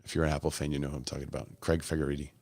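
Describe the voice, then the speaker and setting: A man with a deep, low voice gives easygoing live commentary, thinking aloud and answering viewers' comments. The sound is close and dry, with no room around it. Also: level tone, very fast, a little mellow, no echo. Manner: casual, musing, chats with viewers in comments. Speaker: host. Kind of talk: live commentary on a keynote stream.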